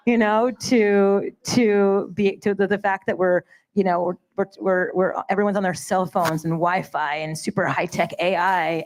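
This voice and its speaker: A woman from Canada speaking on a conference panel, bubbly and rambling, laughing often. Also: lowish voice. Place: conference stage.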